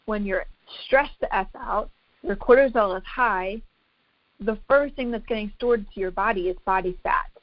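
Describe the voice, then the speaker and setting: A woman's voice: medium pitch, moderate pace, no room sound, highs cut off. A woman fitness coach giving a casual, chatty talk to an online group, emphatic and full of filler words.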